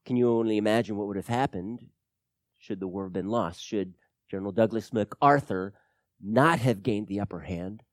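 A man preaching a sermon to his church, dropping to a hush and then building to loud, emphatic points. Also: fairly low pitch, moderate pace, dry recording, clean studio sound. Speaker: pastor.

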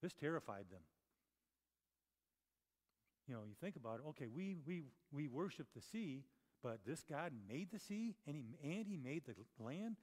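A man's voice: on the high side, sing-song, moderate pace, long pauses, darkish tone. A man preaching a conversational sermon, chatty and full of rhetorical questions and self-corrections. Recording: long reverb of a large hall.

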